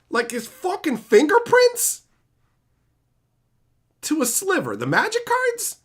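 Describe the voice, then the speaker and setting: Man, livestream rant, foul-mouthed, loud bursts then low mutters, very lively pitch. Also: takes it slowly, long pauses, slightly rough. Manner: profane, ranting, swings from loud outbursts to low mutters. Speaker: streamer reading live chat.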